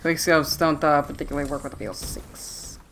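A young man casually commentating his own gameplay at home, jokey and trash-talking with sudden loud outbursts. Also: fairly high pitch, steady tone, fairly quick, a little hiss or hum. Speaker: gaming YouTuber. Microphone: desktop USB mic.

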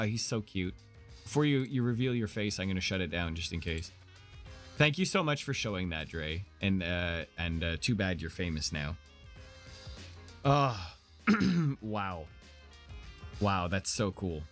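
Excitable streamer man, lively voice. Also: medium pitch. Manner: excitable, gushing. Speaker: game streamer. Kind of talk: casual live-stream chat. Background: faint anime music.

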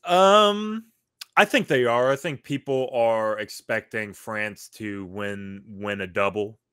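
A man's voice: fairly low pitch, slow, a bit bright, clear, resonant tone, no room sound, clean studio sound. A man with an American accent chatting casually about football, a little hesitant and loose in his phrasing. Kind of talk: casual sports chat.

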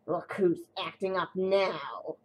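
A woman's voice: on the low side, slightly rough. A woman voicing a scheming male diesel engine with an oily, snarling voice, in a storybook tale. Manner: smirking, slow, sinister.

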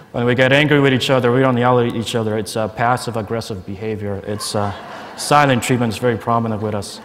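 A young man tells a personal testimony in an earnest, storytelling way, often doubling words as he goes. His voice sits a little low and carries the long reverb of a large conference hall. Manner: earnest storytelling with stammered repeats. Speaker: conference speaker.

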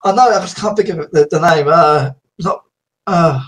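A man hosting a casual video chat, rambling and laughing often, a little croaky. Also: on the high side, moderate pace, fairly bright tone. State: slightly croaky. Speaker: host.

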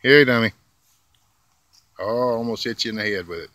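A man feeding squirrels for his vlog chats to them outdoors in a yard, coaxing them with sweet, drawling, folksy words. He talks fast in a fairly low, fairly bright voice; the recording is dry, with faint outdoor noise.

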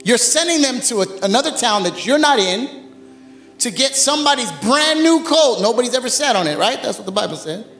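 A man preaching as pastor, in a lively, conversational sermon full of humor, while recovering from bronchitis. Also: very high voice, fairly quick, soft background music. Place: church sanctuary. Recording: echoey church hall.

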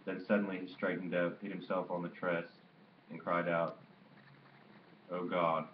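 A man reading a novel aloud in a steady, measured narration, in a dull, roomy recording. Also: low-pitched, slight background noise. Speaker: audiobook reader. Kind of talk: literary audiobook narration.

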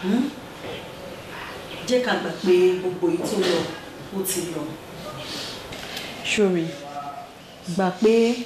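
A woman's voice: on the low side, darkish tone, slight background noise, natural voice, rough recording. A Nigerian woman playing a kind, motherly older sister who consoles a young man, speaking Yoruba with English phrases. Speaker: film character. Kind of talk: Nollywood film acting.

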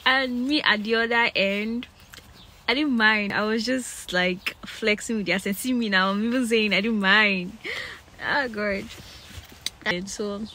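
A woman's voice: medium pitch, pushed and bright, a little hiss or hum. A young woman with a Nigerian accent, chatting casually to her phone camera outdoors in the cold, with lots of fillers and laughs. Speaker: vlogger. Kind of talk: casual vlog chat.

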